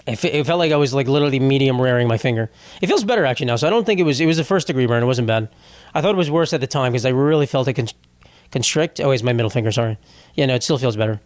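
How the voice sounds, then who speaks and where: A man's voice: medium pitch, no room sound, studio quality. A young man hosting a solo comedy podcast, ranting in a rambling, profane, exasperated way. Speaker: podcast host.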